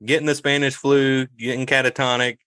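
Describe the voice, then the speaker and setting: A man co-hosting a relaxed film podcast, joking with the others and steering the talk with questions. His voice is at an ordinary pitch and sounds close and dry, with little room sound. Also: a little fast, smooth, no echo. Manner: laughs often, teasing, leads the questions. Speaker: podcast co-host. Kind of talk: casual movie review chat.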